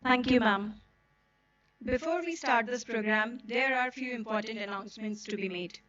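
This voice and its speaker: A woman makes brisk, formal announcements at a school event through a stage microphone. Her voice sits a little high. The audio sounds slightly dull. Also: fairly bright tone.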